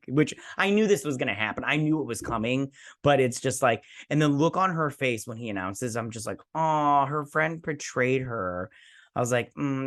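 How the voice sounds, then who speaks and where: A man's voice: medium pitch, a bit bright. A man with an ordinary mid-range voice recaps a TV episode in loose, slangy, rambling chat. He sounds tired, and his delivery is unscripted and conversational. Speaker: TV review host.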